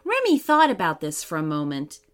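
A woman narrating a children's story in a gentle, expressive reading manner. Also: lowish voice, normal speed. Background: faint music.

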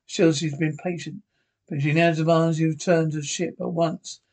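A man's voice: fairly high pitch, flat delivery, normal speed, darkish tone. A man reading a patient alien pilot. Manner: plain reading, few restarts. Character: many-armed alien ship pilot, patient male creature.

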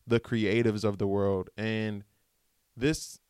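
A man talks straight into a close, dry mic, his pitch swinging lively up and down as he rambles through a slangy pep talk. His voice sounds smooth and resonant. It has the loose, casual flow of a podcast host riffing on his own. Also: slow pace, no echo. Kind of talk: casual motivational monologue.

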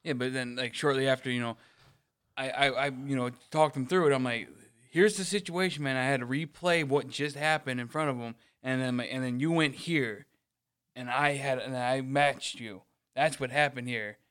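A man co-hosting a casual chat, winding through a long story with plenty of swearing. His voice is smooth and clear at an ordinary middle pitch. He slips into little acted-out quotes of the people he is talking about. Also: moderate pace. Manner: rambling, animated, swears freely; mimics others in quoted lines. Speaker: podcast co-host.

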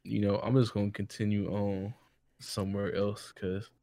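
A man's voice: on the low side, level tone, moderate pace, dark tone, no room sound. A young man co-hosting a casual podcast, speaking in slang and often stumbling over his words. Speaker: podcast co-host.

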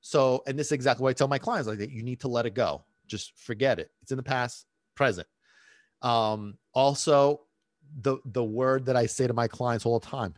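A man's voice: mid-range voice, normal speed, darkish tone, no room sound, studio quality. A man, a dog trainer, casually telling a rambling personal story with many restarts and fillers.

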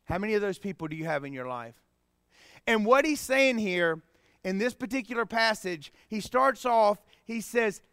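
High-voiced man preaching with passion. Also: lively intonation, moderate pace, dry recording, clean studio sound. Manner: impassioned preaching, swings between hushed and emphatic. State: choked up with emotion. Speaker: pastor. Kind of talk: sermon.

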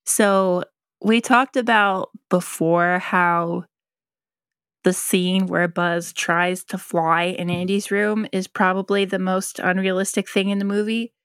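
A woman co-hosting a podcast in casual chat, talkative and quick to laugh. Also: on the low side, steady tone, a bit bright, clear, resonant tone, dry recording, studio quality. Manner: chatty, laughs often, quick asides. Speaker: podcast co-host.

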